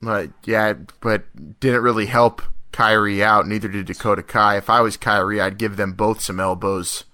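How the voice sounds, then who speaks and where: A man's voice: on the low side, flat delivery, moderate pace, few pauses, sharp tone, no room sound. A man hosting a casual wrestling podcast, joking and teasing his co-hosts. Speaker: podcast host.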